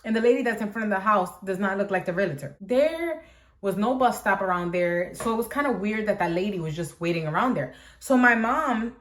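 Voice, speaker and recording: Chatty young woman telling a dramatic story. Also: medium pitch. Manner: chatty, dramatic, heavy on fillers like "like". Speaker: vlogger. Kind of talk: storytime vlog.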